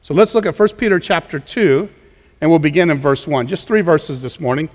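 Pastor preaching in a reverberant hall. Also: male voice, a little high, brisk. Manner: conversational, frequent word repeats and restarts. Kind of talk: sermon. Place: church sanctuary. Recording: long reverb of a large hall.

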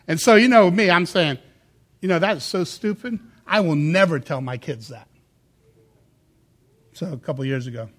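A middle-aged man preaching a sermon as a pastor, telling stories and acting out quotes in a raised, lively voice. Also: sits high, gravelly. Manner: animated storytelling, acts out quotes in a raised voice.

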